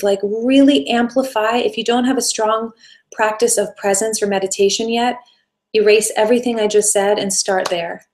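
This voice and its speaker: Gentle woman coaching on a live stream. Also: on the high side. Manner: gentle, coaching, speaks in flowing run-on phrases. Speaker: self-help teacher hosting a live session. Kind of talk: live-stream teaching, answering viewer questions.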